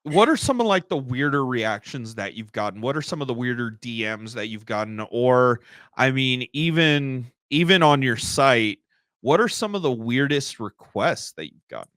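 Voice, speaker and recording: A man's voice: mid-range voice, animated, moderate pace, a bit bright, dry recording. A man in his twenties hosting a casual interview, often restarting and repeating words. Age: 20s. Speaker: podcast host.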